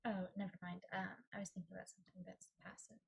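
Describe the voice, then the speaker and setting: A woman's voice: medium pitch, flat delivery, fast, gravelly, a little mellow, slightly rough. A woman playing a tabletop game, hesitant and full of ums as she asks about rolls. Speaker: player. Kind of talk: casual play at a tabletop game.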